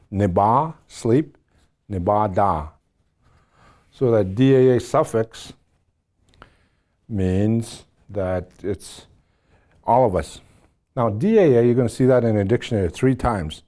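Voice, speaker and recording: A man's voice: on the low side, mellow. A middle-aged man teaching a language class, patiently repeating words and spelling them out.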